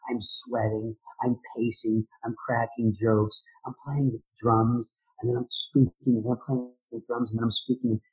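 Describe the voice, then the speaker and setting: A man, a drummer and motivational speaker, answering interview questions in an energetic, enthusiastic way. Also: mid-range voice, normal speed, few pauses, slightly rough, low-quality recording.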